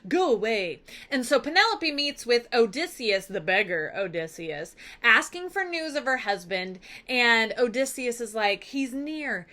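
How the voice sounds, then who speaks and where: A woman teacher giving a chatty, lively recap of a story for a class, acting out the characters' lines as she goes. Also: fairly high pitch, normal speed, hardly any pauses. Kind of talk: casual literature lesson recap.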